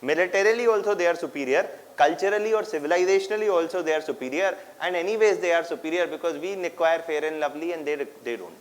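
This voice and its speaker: A man's voice: on the high side, fast talker, few pauses, poor audio. A man with an Indian English accent giving a history lecture, slipping in Hindi phrases and asking his class rhetorical questions that he answers himself.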